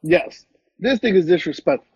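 A man's voice: sits high, animated, normal speed, dull audio, a crowd in the background. A young man co-hosting a podcast over a phone live stream, talking in a brash, profane, emphatic way. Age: young adult. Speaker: podcast co-host. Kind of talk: casual chat. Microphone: phone on an Instagram live stream.

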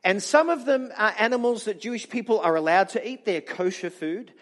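A man preaching a storytelling sermon in an animated, chatty way, with frequent restarts. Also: sits high, fairly quick.

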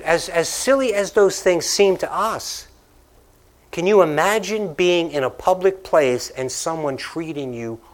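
Storytelling pastor with a lively sermon voice. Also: male voice, a little high. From Northeastern United States. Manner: conversational storytelling preacher who laughs and repeats lines for emphasis. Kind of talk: sermon and closing prayer. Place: church sanctuary.

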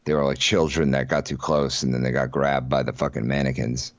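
A man's voice: extremely low pitch, level tone, fairly quick, no room sound, lo-fi sound. A man co-hosting a podcast, reading odd news stories with wry, sarcastic asides. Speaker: podcast co-host.

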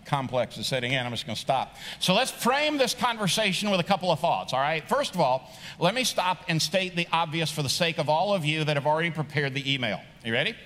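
A man's voice: a little high, animated, a little fast, a bit bright. A middle-aged man preaching a sermon as pastor, conversational and joking, building to emphatic rising points. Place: large church sanctuary. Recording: long reverb of a large church hall.

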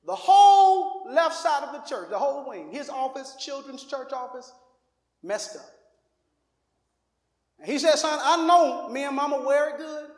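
Male pastor, very high voice, preaching in a reverberant church hall. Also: lively intonation, a little slow. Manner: preaching with shouts and laughter, calling out to the congregation. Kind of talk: sermon. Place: church sanctuary. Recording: echoey hall.

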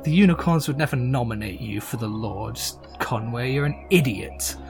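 A man's voice: mid-range voice, expressive, normal speed, over music, lightly acted. A man voicing a rival nobleman who speaks in a scoffing, accusing way. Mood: scornful. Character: scornful male rival lord.

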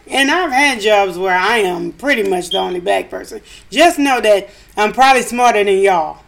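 Woman, mid-pitched voice, wry, interjecting, casual podcast chat. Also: lively intonation, moderate pace, vocal fry, few pauses. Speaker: podcast co-host.

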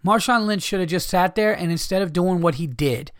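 A man's voice: high-pitched, a little fast, no room sound, clean studio sound. A man hosting a podcast, ranting in a profane, exasperated way and mocking people by imitating them. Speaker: podcast host. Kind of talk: ranting monologue.

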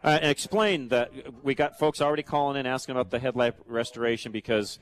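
A man's voice: medium pitch, fast, clean tone. A man hosting a live radio show on location, chatty and upbeat, repeating callers' details back. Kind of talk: live remote radio broadcast.

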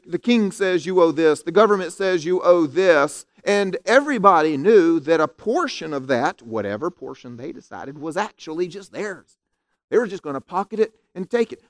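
High-voiced animated preaching man. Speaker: pastor. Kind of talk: sermon. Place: church sanctuary.

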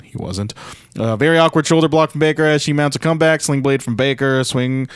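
A man's voice: a little high, fairly quick, clean tone, no echo. Young man recapping wrestling with dry asides. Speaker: podcast co-host recapping wrestling. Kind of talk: casual recap chat.

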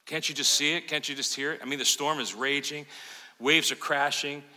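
A man preaching a sermon as pastor, swinging from loud urgent peaks to quiet, intimate asides. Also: on the high side, steady tone, fairly quick. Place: church sanctuary. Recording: long hall reverb of a church sanctuary.

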